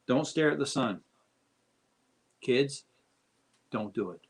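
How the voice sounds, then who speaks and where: A man's voice: mid-range voice, animated, slow pace, breathy edge. Brief: male co-host, jokey sidekick banter on a casual live stream. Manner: joking, teasing banter.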